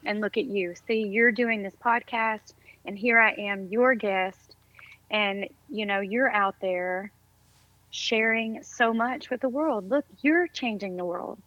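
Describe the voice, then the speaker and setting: A woman's voice: medium pitch, slow, no echo, dull audio. A woman talking as a podcast guest, upbeat and effusive, full of faith-filled encouragement. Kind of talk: casual interview chat.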